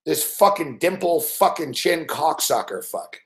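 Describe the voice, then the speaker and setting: A man's voice: a little high, expressive, a little slow, a bit bright. A man giving a live sports betting rant, profane and exasperated.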